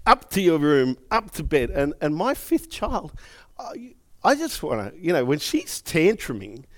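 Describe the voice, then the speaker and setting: A man's voice: on the high side, unhurried. A middle-aged man preaching a sermon, telling personal stories with emotion and acting out quotes. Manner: emotive, animated storytelling with acted quotes. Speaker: pastor.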